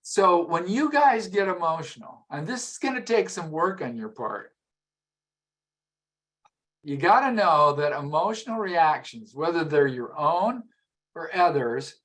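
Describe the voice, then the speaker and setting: A man's voice: fairly high pitch, very animated, measured pace, fairly bright tone. A middle-aged man giving a live masterclass on emotional intelligence, talking conversationally, repeating words and asking the audience questions.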